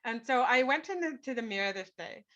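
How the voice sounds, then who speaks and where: Earnest, bright-voiced woman telling a story. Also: on the high side, expressive, brisk. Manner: earnest, emphatic, tag questions like "right?". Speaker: guest, author. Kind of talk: personal storytelling in an interview. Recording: dull lo-fi podcast audio.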